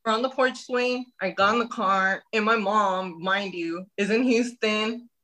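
A woman's voice: mid-range voice, a little slow, rough recording. A woman, telling a personal story in a casual interview and acting out the dialogue. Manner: animated, acts out quoted dialogue. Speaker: guest.

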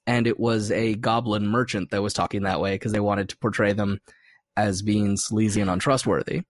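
A man's voice: fairly low pitch, fairly even intonation, normal speed, dry recording. A man talking casually as a game designer guest on a podcast, chatty and filling his speech with "like" while laughing often.

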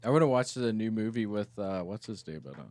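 Lively man asking curious questions. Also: fairly low pitch, fast talker, no room sound. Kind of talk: casual chat.

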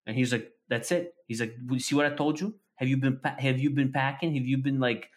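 Medium-pitched and a little fast, a man chats on a podcast in a casual way. His story is heavy on profanity, and he animatedly acts out both parties in the conversation he quotes.

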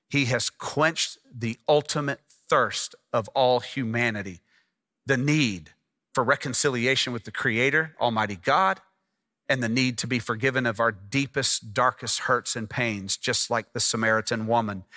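A man preaching a sermon as pastor, animated and asking the congregation questions as he teaches. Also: mid-range voice, measured pace.

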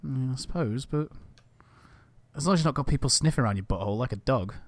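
Teasing man with a lively voice. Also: mid-range voice, quick pace, no room sound. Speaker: podcast co-host. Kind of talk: casual chat.

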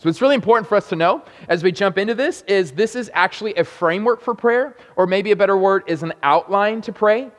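Young guy pastor preaching, kinda high voice, jokey stories, big echoey hall. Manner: animated, self-deprecating storytelling with quick asides. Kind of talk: sermon. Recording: long hall reverb.

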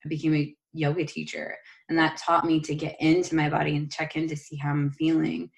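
A woman hosting a podcast, talking earnestly and encouragingly in relaxed conversation. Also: sits low, a little fast, creaky. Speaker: podcast host and yoga teacher. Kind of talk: casual conversation.

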